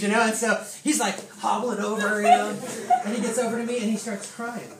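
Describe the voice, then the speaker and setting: A pastor tells a long story from the pulpit, laughing often and filling pauses with ums and likes. The voice sounds distant from the mic and rings in a roomy hall. Steady background noise runs under it. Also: medium pitch. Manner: animated, laughing, many fillers. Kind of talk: storytelling sermon. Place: church hall with congregation. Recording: echoey hall, distant, noisy.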